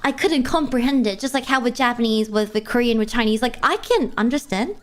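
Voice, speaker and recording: A woman's voice: a little high, a little fast. A young woman streamer chatting casually, telling a rambling story with lots of fillers. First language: English. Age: young adult. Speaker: vtuber streamer. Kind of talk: casual chat.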